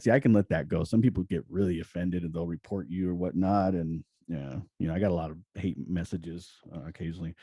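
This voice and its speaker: A man hosting a casual gaming podcast, telling stories with lots of chuckles and sudden jumps in pitch when he acts out what others said. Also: dry recording. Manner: chuckling storyteller, animated swings in pitch when retelling. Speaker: podcast host.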